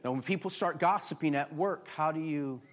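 A man pastor preaching a sermon to a congregation, chatty and conversational, building to loud emphatic peaks. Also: fairly high pitch, moderate pace. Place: church before a congregation.

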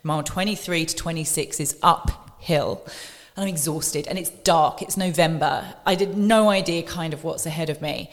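Female guest, young adult, lowish voice, emotional storyteller, reverberant room. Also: normal speed, few pauses. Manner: animated, quoting others in dialogue, emotional. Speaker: podcast guest.

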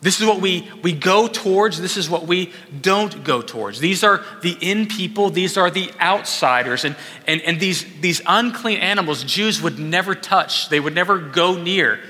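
A man's voice: high voice, animated, normal speed, few pauses, sharp tone. A pastor delivering a conversational sermon, acting out quotes as he goes. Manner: conversational preaching with acted quotes. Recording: echoey hall.

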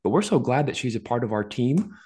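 A man's voice: medium pitch, lively intonation, a little fast, a little mellow, slightly rough. A man hosting a casual podcast interview, upbeat and joking, with plenty of fillers. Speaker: podcast host.

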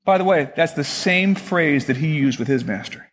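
A man's voice: on the high side, expressive, moderate pace, a bit bright, in a large hall, a little hiss or hum. A pastor in his sixties preaching a sermon in a conversational way, asking his listeners questions.

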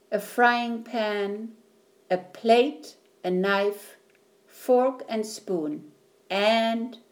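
A woman reading a children's storybook aloud at an unhurried, deliberate pace. Her voice sits at an ordinary pitch and every word comes out clearly. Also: darkish tone.

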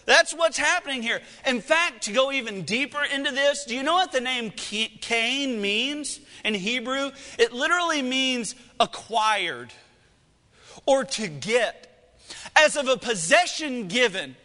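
Animated high-voiced preacher, hall reverb. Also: male voice, a little slow. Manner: animated preaching, swinging from loud to hushed. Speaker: pastor. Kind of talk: sermon.

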